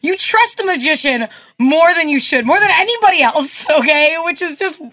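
Młoda kobieta, współprowadząca luźną rozmowę radiową, często się śmieje i opowiada historie. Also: female voice, high voice, animated, normal speed, sharp tone, dry recording. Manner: giggly, storytelling. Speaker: co-host. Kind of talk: casual radio chat.

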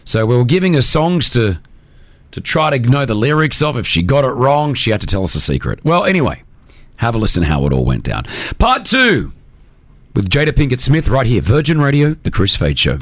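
A man's voice: medium pitch, a little fast, no echo. Hyped-up man radio host, dry studio. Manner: energetic, hyping, teasing. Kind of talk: radio show chat and interview.

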